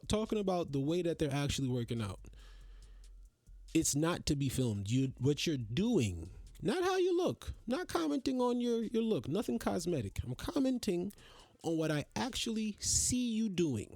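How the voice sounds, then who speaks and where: Dude ranting on his podcast, cussing a lot, slightly high voice, slow, dry close mic. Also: no echo. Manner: profane, exasperated, animated. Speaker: podcast host. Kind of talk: casual solo rant.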